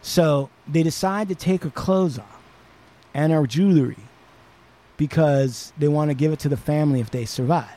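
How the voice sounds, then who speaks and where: Man telling a story, high-pitched and profane. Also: normal speed. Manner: profane, animated retelling. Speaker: podcast host. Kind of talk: casual storytelling chat.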